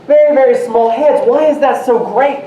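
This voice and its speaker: Man as a folksy rambling presenter, mellow tone, roomy room, mic far off. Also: extremely high pitch, moderate pace. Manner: folksy, rambling, shuffling notes. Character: folksy male presenter back from travels. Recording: roomy, distant mic, faint noise.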